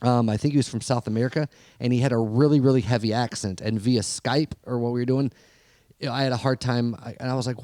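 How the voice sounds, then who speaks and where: A man at a middle pitch ranting casually on a podcast, swearing freely. His voice is close and dry, with no room sound around it. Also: fast, no room sound. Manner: profane, animated ranting storyteller. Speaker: podcast co-host. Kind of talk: casual chat.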